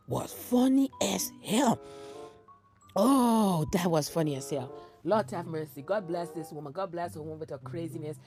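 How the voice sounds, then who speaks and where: A woman hosting a reaction commentary, animated and exclamatory, often breaking into laughter between remarks. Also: lowish voice. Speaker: commentary channel host.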